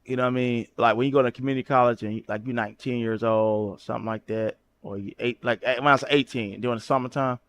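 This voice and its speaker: A man hosting a livestream, roasting someone loudly and profanely, jumping into shrieking high tones to mock and often asking "you know what I'm saying". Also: steady tone, fast, hardly any pauses, no echo. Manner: loud mocking roasting with shrieking high jumps. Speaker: livestream host. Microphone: streaming setup at a computer.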